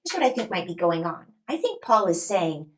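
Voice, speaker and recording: Expressive woman explaining scripture. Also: lowish voice, fairly quick, poor audio. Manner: expressive, emphatic, acts out quoted speech. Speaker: guest, New Testament scholar.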